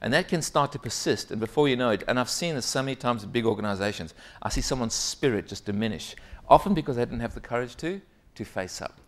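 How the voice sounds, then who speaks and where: A man's voice: medium pitch, fast. A middle-aged man giving a conference keynote as an executive coach. He tells stories and keeps checking in with the audience. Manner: lively storytelling, frequent "right?" asides to the audience.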